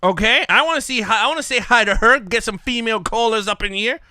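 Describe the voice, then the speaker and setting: A man hosting a casual podcast, talking excitably, laughing a lot and acting out callers' voices. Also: extremely high pitch, fast, clear, resonant tone, no echo, clean studio sound. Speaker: podcast host. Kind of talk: casual chat.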